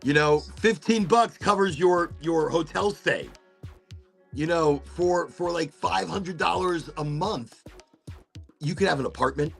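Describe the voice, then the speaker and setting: A man's voice: on the high side, measured pace, creaky, soft background music. A male host running a casual livestream chat show, rambling playfully and swearing freely.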